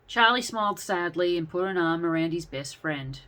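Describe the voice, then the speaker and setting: Lively woman narrating a story. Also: on the low side, normal speed.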